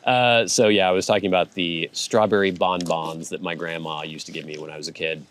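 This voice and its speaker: A man's voice: sits low, steady tone, fairly quick, fairly bright tone, slight background noise. A man hosting a casual show, reading viewer comments aloud and chatting about them in a rambling way with frequent laughs. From United States. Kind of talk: casual chat.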